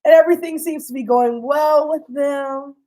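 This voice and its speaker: A young woman with a slightly high voice recaps a TV series in a loose, slangy storytime style, swearing freely and acting out the characters' lines. She stays animated throughout at a moderate pace, though the recording quality is low.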